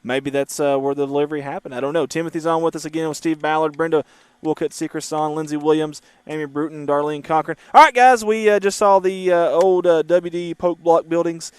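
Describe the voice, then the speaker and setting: A man's voice: on the high side, little pitch movement, a little fast, darkish tone, smooth, dry recording. A man hosting a casual livestream from a moving car, chatting and reading viewer comments aloud. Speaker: livestream host. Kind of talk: casual driving livestream chat.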